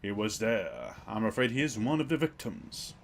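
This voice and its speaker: A man's voice: fairly low pitch, very animated, slight background noise, pitched below the performer's own voice. A man reading a formal, grave doctor. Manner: measured, formal, explanatory. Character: older male doctor bringing grim news.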